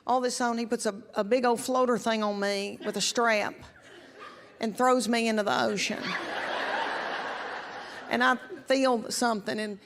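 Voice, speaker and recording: A woman's voice: fairly high pitch, fairly even intonation, a little slow, pauses often, over a noisy crowd. A middle-aged woman, telling chatty, folksy stories in a stand-up comedy routine. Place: comedy stage before a live audience.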